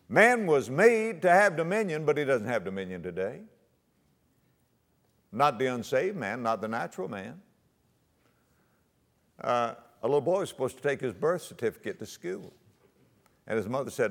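A man preaching a sermon, quoting scripture in old-fashioned wording and swinging his voice high and low for emphasis. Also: sing-song, normal speed, long pauses. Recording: long hall reverb.

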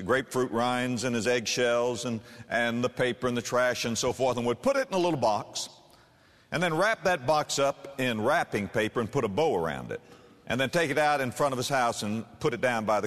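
A man preaching a sermon, emphatic and animated, slowing down for scripture and speeding up to press a point. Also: mid-range voice, long reverb tail.

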